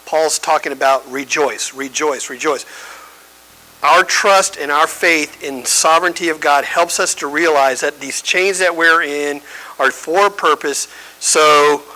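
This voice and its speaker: A man's voice: fairly high pitch, unhurried, pushed and bright, poor audio. A man teaching a church Bible study, conversational and emphatic, often checking in with his listeners.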